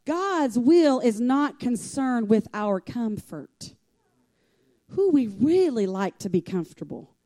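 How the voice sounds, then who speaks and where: Woman preacher giving a sermon, kinda high warm voice, chatty folksy delivery. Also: sing-song, slow pace. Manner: folksy, conversational preaching with calls for amen.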